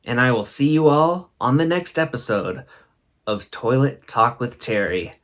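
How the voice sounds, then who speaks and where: A man's voice: medium pitch, animated, measured pace. A man hosting a comedy show, telling funny stories to the camera and laughing as he talks. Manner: chuckling, laughing through his stories. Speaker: host. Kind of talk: comic storytelling to camera.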